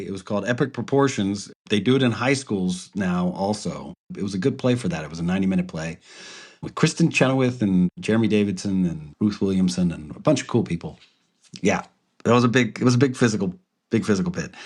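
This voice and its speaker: A man co-hosting a podcast in casual chat, animated and theatrical, laughing often. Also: on the low side, fairly quick, husky. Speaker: podcast co-host.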